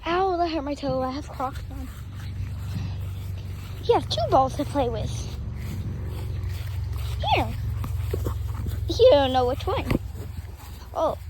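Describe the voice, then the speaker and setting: A woman's voice: sits high, expressive, slow, pauses often, noisy background. A young girl playing outdoors with her dog, coaxing and chatting to him in a playful sing-song voice. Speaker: dog owner. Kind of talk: casual vlog talk to a dog. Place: outdoors in a yard.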